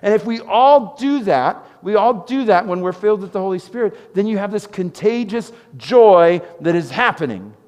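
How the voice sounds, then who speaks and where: A man preaching a sermon as pastor, telling stories with animated swings from loud exclamations to quiet intensity. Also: high voice, normal speed, hardly any pauses, big-room sound. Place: church sanctuary.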